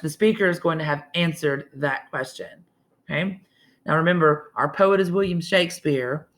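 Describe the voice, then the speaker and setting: Woman teacher, slightly gravelly, talking casually through a lesson. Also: on the low side. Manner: casual, chatty, restarts often. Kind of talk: recorded classroom lesson.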